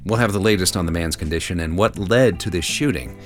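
Low man reading station announcements. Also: fairly quick, soft background music. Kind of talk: scripted announcements.

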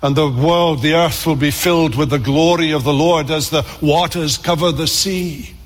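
A man's voice: a little high, steady tone, normal speed, big-room sound. A man preaching a sermon in a church, earnest and building emphasis through repeated phrases.

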